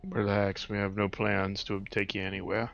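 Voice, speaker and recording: A man playing in a tabletop game, speaking in a calm, measured way. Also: fairly low pitch, vocal fry, highs cut off. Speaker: player. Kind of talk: tabletop role-play chat.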